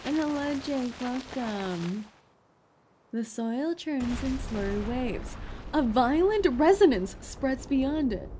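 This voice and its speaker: A woman's voice: high-pitched, expressive, slow, dark tone, slight background noise. A woman streaming a game playthrough. She chats playfully with her viewers, giggles often, and reads the story text aloud.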